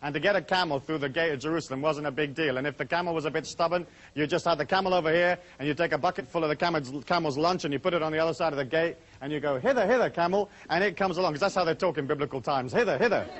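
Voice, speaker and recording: Fast-talking man leading a seminar. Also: a little high, a bit bright. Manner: brisk, chatty, full of asides. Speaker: seminar speaker. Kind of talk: talk to a live audience.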